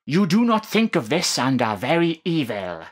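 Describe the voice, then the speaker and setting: A woman voicing a solemn fire-and-brimstone preacher who scolds sinners in a slow, drawn-out sermon voice. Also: low-pitched, big pitch swings, breathy edge, full character voice. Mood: preachy.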